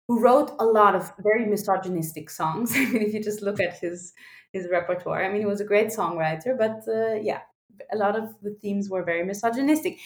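Young woman guest, lively and laughing, roomy echo on the voice. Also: medium pitch. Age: young adult. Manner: animated, frequent laughs and restarts. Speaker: guest, singer and activist. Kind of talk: podcast interview.

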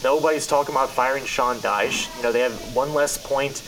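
A man's voice: medium pitch, steady tone, fairly quick, noisy background. A man co-hosting a sports podcast, talking casually and rambling, often restarting his sentences. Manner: rambling, lots of fillers and restarts. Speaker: podcast co-host.

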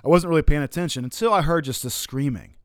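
An adult man telling a personal story in a casual way, relaxed and profane, laughing often and using lots of fillers. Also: fairly high pitch, fast, dry recording. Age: adult, looking back on his college years.

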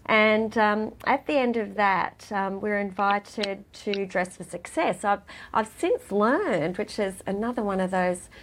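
A middle-aged woman speaks as an interview guest, her voice sitting at an ordinary middle pitch. She talks in a heartfelt, halting way, often restarting her sentences. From Australia. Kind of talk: emotional personal interview.

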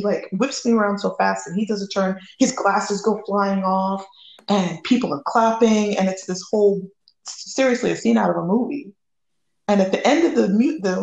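Gravelly American woman telling a lively story. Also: mid-range voice, echoey room, poor audio. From United States. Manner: lively, acts out quoted dialogue. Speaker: guest. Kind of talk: animated personal storytelling.

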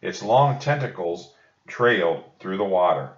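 Unhurried male storyteller for children, low voice; muffled echoey recording. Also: animated. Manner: gentle and reassuring to children. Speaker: storybook reader. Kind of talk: reading a children's book aloud. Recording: dull echoey room recording.

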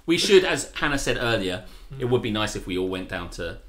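Animated, sweary co-host. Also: male voice, lowish voice, a little fast, slight background noise. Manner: animated, sweary, mock-ranting. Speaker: podcast co-host. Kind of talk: casual chat.

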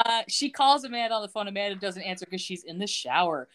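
A woman co-hosting a podcast, retelling a TV episode in casual, animated storytelling. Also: mid-range voice, fast talker. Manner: animated storytelling, acting out characters' lines. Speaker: podcast co-host.

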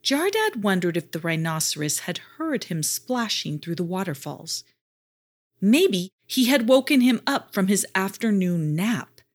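In an expressive storytelling style, a woman narrates a children's story. Her voice is medium in pitch and her pace a little slow.

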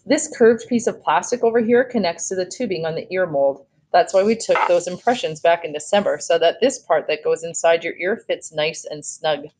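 A woman's voice: lowish voice, moderate pace, few pauses, darkish tone, natural voice, poor audio. Woman reading as a cheerful male ear doctor. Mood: friendly. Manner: cheerful, coaxing.

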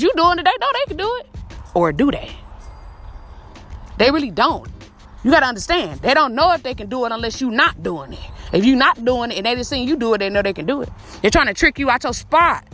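A woman in her twenties hosts a podcast, delivering an emphatic, profane motivational pep talk directly to her listeners. Her voice sits high with a fairly bright tone.

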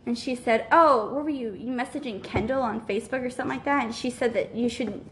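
High-voiced woman, excited and laughing. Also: quick pace, slight background noise. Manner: laughs often, swears, chimes in excitedly. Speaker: podcast co-host. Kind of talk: casual chat.

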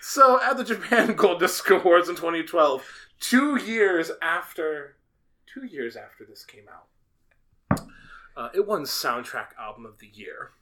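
Guy with a bright slightly high voice, jokey excited movie podcast chat. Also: a little slow. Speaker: podcast co-host. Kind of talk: casual movie review chat.

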